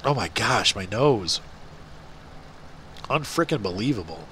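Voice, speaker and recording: Playing a farming game, a gaming video host rambles on and jokes at his own expense. He's a middle-aged man with a blocked nose and a fairly low, animated voice that moves a little slowly. The background is noisy.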